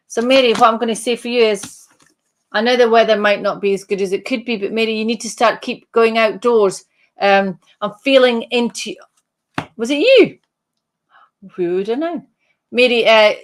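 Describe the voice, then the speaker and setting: A woman medium giving a live streamed reading, speaking haltingly, repeating and restarting phrases, and addressing the sitter by name. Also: mid-range voice, fairly bright tone. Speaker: psychic medium.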